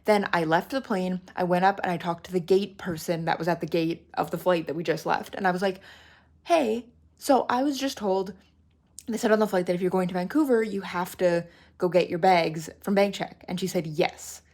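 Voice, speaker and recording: A young woman, telling a travel story in a casual vlog, animated and exasperated, filled with "like". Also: lowish voice, fairly quick. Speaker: artist vlogger.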